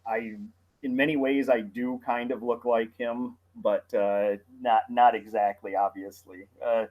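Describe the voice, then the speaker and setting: A man with a Midwestern American accent co-hosting a casual podcast, talking haltingly with many restarts. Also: mid-range voice, flat delivery, phone-quality sound. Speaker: podcast co-host.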